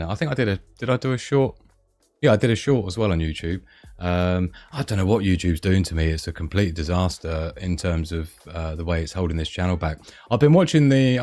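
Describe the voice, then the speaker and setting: A man's voice: on the low side, a little mellow. A man hosting a casual live stream, rambling and chatty with frequent laughs.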